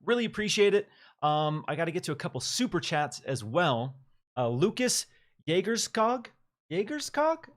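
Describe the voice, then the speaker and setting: A man hosting a casual live-streamed gaming chat, talking with animated energy and reading out viewer messages. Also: on the high side, moderate pace. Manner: animated, reads viewer comments aloud. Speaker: podcast host.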